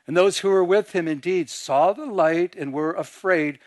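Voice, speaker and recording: A male pastor preaching a sermon, animated, acting out scenes in quieter voices. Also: sits high, normal speed, no echo. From Michigan.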